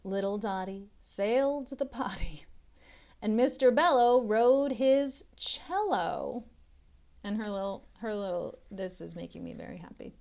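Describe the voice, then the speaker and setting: A woman, a literacy tutor, reading a children's picture book aloud with expressive storybook delivery and chatty asides to young listeners. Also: mid-range voice, a little slow, creaky.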